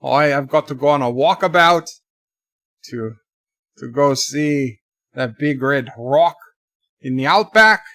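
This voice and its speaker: A man's voice: mid-range voice, takes it slowly, long pauses, fairly bright tone, dry recording, studio quality. A man putting on a crude fake-Aussie bloke. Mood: joking bravado. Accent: fake Australian. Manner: exaggerated, rambling, jokey. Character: boastful crude Australian bloke, adult man.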